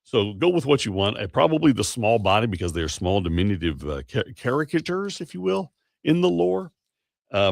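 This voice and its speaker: A male morning radio host with a gravelly, creaky edge to his voice. He talks in a loose, rambling way, correcting himself mid-sentence as he goes. The sound is close and dry, like a studio microphone. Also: fairly low pitch, a bit bright, dry recording. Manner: rambling, self-correcting, chatty. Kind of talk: casual morning radio talk.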